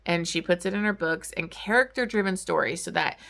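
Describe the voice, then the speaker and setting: Bright, gravelly young woman chatting about books. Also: on the low side, brisk. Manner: chatty, full of "like" and "um" fillers. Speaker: book vlogger. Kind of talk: casual book review chat.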